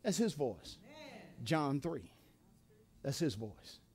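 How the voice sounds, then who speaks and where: A male preacher giving a sermon in a church, with rhythmic repetition, building to shouted refrains and dropping back low. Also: very animated, takes it slowly.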